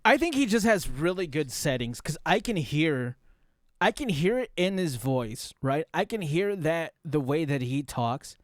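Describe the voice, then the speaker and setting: A man's voice: fairly high pitch, sing-song, a little slow, dry recording, clean studio sound. A man streaming a casual reaction commentary, rambling and talking straight to his chat while demonstrating voice tricks.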